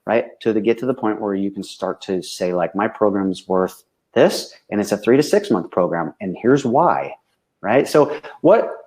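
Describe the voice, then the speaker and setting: A man's voice: fairly low pitch, animated, moderate pace, a little mellow. A man, a business coach, speaking frankly and with animation in casual conversation, tagging nearly every sentence with a questioning "right?".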